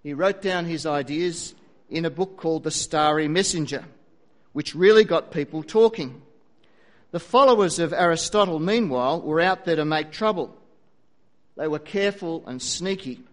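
High-voiced storytelling preacher, man. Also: normal speed. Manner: lively storyteller with dry asides, varied pace. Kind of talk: storytelling sermon.

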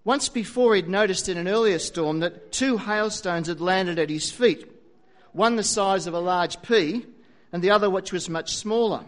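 A man's voice: high voice, moderate pace. A man preaching a sermon, telling a story with dry asides and a varied pace.

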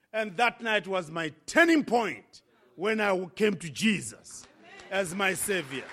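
A man from Africa telling his conversion story as a sermon testimony, impassioned with dramatic pauses. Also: sits high, lively intonation, bright, forceful tone, a faint crowd. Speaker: preacher.

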